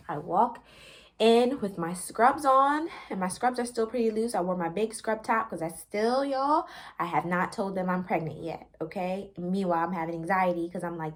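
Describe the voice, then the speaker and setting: A pregnant vlogger chats animatedly with her viewers in a casual storytelling video, laughing often and briefly getting out of breath. Her voice is lowish and her pace moderate.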